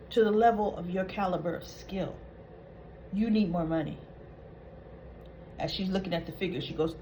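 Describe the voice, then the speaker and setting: A woman's voice: mid-range voice, darkish tone, slight background noise, low-quality recording. A woman hosting a soap opera recap, retelling scenes in a chatty, opinionated way.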